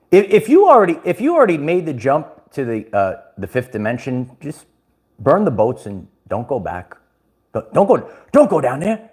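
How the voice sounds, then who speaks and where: A man's voice: on the high side, sing-song, moderate pace, slightly rough. A man hosting a casual livestream, rambling, restarting words and laughing often. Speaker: livestream host.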